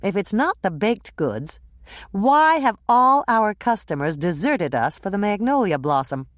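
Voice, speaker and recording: A woman's voice: medium pitch, big pitch swings, measured pace, dry recording, clean studio sound, pitched above the performer's own voice. A woman doing a wry, practical baker.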